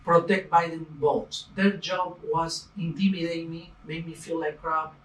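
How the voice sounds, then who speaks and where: A man's voice: a little high, little pitch movement, unhurried, slight background noise. A man speaking bluntly and informally as an interviewee and repeating himself, recorded in an echoey room from a distance. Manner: blunt, repetitive, informal grammar.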